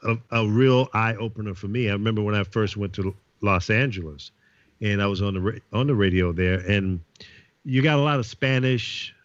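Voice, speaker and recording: A man's voice: lowish voice, normal speed, no room sound. A middle-aged man, a veteran radio DJ, telling blunt, salty stories as a guest over a video call. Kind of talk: casual interview chat. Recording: slightly dull, lo-fi call audio.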